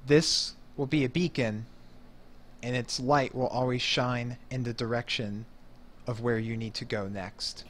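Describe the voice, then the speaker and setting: A man voicing a calm, stately ancient god. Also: mid-range voice, a little slow, lightly acted. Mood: solemn. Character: ancient freed god, calm, solemn, generous. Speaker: game master voicing a deity.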